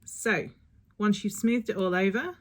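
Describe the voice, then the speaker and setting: A woman's voice: medium pitch, a little slow. A woman talking through a step-by-step nail tutorial in a chatty, instructive way that sometimes rambles. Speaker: beauty vlogger.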